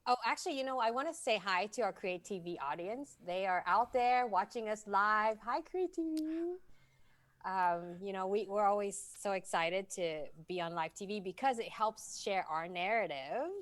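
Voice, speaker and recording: A woman's voice: mid-range voice, moderate pace, hardly any pauses. Chatty woman hosting a panel. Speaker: host. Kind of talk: casual panel chat.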